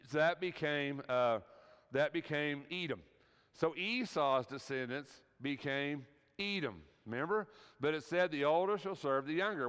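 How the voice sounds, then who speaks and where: A man's voice: a little high, fairly bright tone, clear, resonant tone. A man teaching an evening Bible class at a church, talking conversationally and often checking in with his listeners. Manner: conversational, keeps checking in with "right?". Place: church hall. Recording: long hall reverb.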